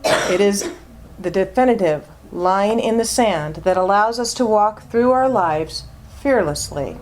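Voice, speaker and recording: A woman's voice: mid-range voice, expressive, measured pace, a little hiss or hum. A woman minister giving a sermon, emphatic and fond of repeating words for stress.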